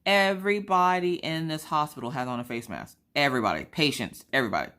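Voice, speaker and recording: A woman's voice: low-pitched, expressive, fast talker, fairly bright tone. A woman from South Carolina, a craft vlogger, telling an anecdote in a chatty, blunt way. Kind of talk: casual storytelling chat.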